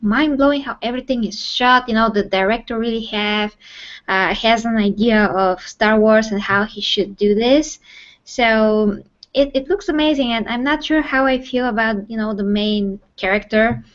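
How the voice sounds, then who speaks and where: Higher-voiced woman searching for words. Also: unhurried, muffled recording. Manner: searching for words, many fillers. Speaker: co-host. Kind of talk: casual movie chat.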